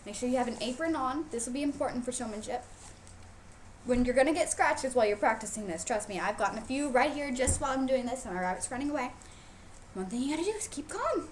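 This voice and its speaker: In a high-sitting voice, a woman casually instructs youth on showing rabbits, playful and emphatic as she drives her main points home through repetition. Slight background noise can be heard.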